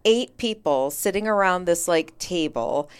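A woman with a smooth, clear voice tells a story in casual chat. She talks animatedly and slips into the voices of the people she quotes. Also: fairly low pitch, unhurried. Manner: animated, acts out quoted dialogue, many "like" fillers. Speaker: podcast guest.

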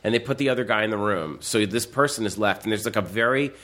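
Animated man telling stories. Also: lowish voice, fast talker. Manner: animated storytelling with acted-out quotes. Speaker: podcast guest. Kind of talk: casual chat.

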